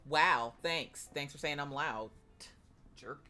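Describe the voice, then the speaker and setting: A woman's voice: deep voice, takes it slowly, bright, forceful tone. A woman hosting a live stream from home, chatting casually and bantering with lots of giggles. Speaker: streamer and host. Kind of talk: casual chat while crocheting on a live stream. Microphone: desk microphone.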